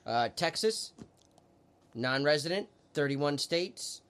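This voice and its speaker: A man's voice: on the high side, animated, slow, a bit bright. A man co-hosting a podcast, reading off facts in a plain, matter-of-fact way. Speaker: podcast co-host. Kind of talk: casual chat.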